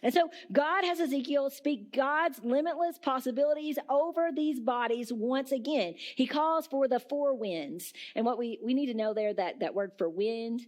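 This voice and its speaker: A woman's voice: high-pitched, normal speed, hardly any pauses, a little mellow. A woman pastor giving a sermon in a conversational tone, with occasional fillers and questions to the congregation. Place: church sanctuary.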